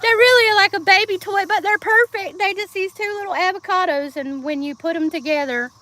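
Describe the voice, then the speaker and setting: A high-pitched woman with a Southern accent chats freely with her live-stream viewers from outdoors. She laughs a lot and sings bits of songs as she goes. Faint insect sounds hum behind her phone mic. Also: a little fast, pushed and bright. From Georgia, US South. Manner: chatty, laughs often, sings snatches of songs. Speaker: livestreamer. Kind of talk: casual live-stream chat.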